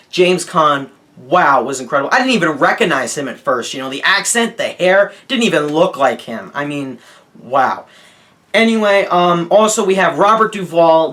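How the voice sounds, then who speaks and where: A young man talks excitedly to his viewers in a casual video review, his voice a little high and very bright. He presses every point and keeps checking in with an "okay?". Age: young adult. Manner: gushing, emphatic, asks "okay?" and says "guys" often. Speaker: movie reviewer.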